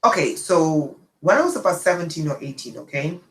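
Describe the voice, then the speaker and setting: Hosting a casual livestream chat, a woman who immigrated to the United States tells a personal story in a low voice, talking a little fast. She's chatty and animated, often checking in with her listeners by asking "okay?", and the low-quality recording sounds reverberant.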